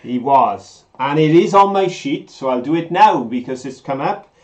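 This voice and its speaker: A man's voice: medium pitch, lively intonation, normal speed, darkish tone, reverberant, highs cut off. A British man co-hosting a live show, chatting with enthusiasm and drawing out his quiz questions. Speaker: co-host of a live mudlarking show. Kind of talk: casual live-stream chat.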